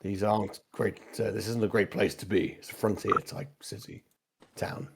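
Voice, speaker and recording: A man's voice: on the low side, little pitch movement, normal speed, creaky, background noise. A man narrating a tabletop game as game master, hesitant with many fillers.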